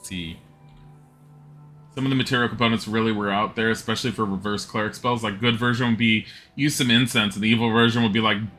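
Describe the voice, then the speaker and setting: A man's voice: on the low side, sharp tone. A man streaming a game, chatting casually and muttering commands, and he laughs often. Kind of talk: casual live commentary while gaming.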